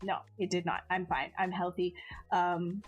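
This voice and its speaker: A woman's voice: fairly low pitch, fairly even intonation, a little slow, slightly rough, highs cut off, faint music behind. A woman chatting casually on a live stream while she sculpts, answering viewers in a self-mocking way that often trails off and restarts.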